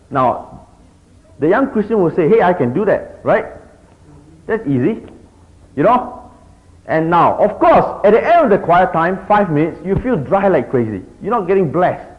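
Guy, middle aged, teaching a class, swoopy animated voice, keeps asking okay?, muffled lo-fi recording. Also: high voice. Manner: animated, keeps checking in with the audience. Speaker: discipleship teacher. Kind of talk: teaching talk to a group. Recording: dull lo-fi recording.

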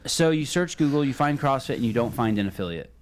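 A man hosting a podcast interview, casual and joking, firing quick follow-up questions. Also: medium pitch, lively intonation. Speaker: podcast host.

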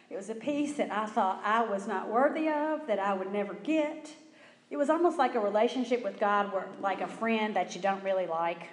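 A woman gives a personal testimony in a church, telling her story with lively acted-out quotes. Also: mid-range voice. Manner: animated storyteller acting out quotes. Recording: roomy hall with long reverb.

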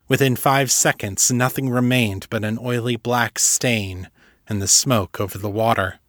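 Casting: man reading audiobook narration, even middle pitch, dry close sound. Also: no echo. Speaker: author and podcast narrator.

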